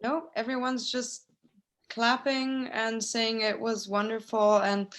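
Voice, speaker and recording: A woman's voice: on the high side, level tone, takes it slowly. A woman moderating a question round on a video call, sounding moved. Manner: warm, moved. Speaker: event host.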